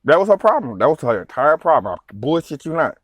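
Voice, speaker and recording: Animated swearing man telling a story. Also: on the high side, fast, no echo. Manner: animated, swears freely, many fillers. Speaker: truck driver. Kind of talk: casual storytelling vlog.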